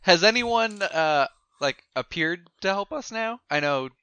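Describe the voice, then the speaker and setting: A player in a tabletop role-playing game who talks playfully and breaks into loud in-character shouts. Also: medium pitch, a little slow, clear, resonant tone, dry recording. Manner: playful, lively, with bursts of shouted in-character lines. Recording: dull lo-fi mic.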